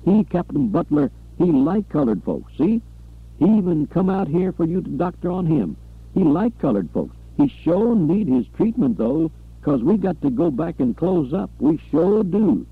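A man voicing a nervous, pleading male chauffeur who rushes to please, in an audiobook. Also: animated, husky, no room sound, narrow, tinny audio. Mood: anxious pleading. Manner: high, anxious, hurried pleading.

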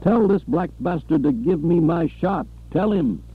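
A man voicing an angry, bullying older captain who yells and demands, in an audiobook. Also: fairly high pitch, expressive, unhurried, creaky, breathy edge, no room sound, phone-quality sound, pitched above the performer's own voice, exaggerated voice. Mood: angry blustering. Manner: blustering, yelling, domineering.

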